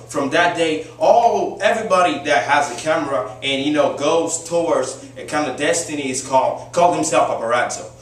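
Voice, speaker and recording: Young guy doing a class speech, kinda high voice, super echoey room, mic far off. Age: young adult. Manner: emphatic, rhetorical questions, frequent fillers. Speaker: student giving a persuasive speech. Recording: very echoey classroom recorded from afar.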